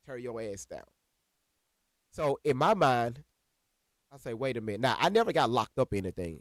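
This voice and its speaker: A man casually telling a personal story to viewers, animated and profane, calling them y'all. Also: medium pitch, no echo, studio quality. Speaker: storyteller recounting a personal incident.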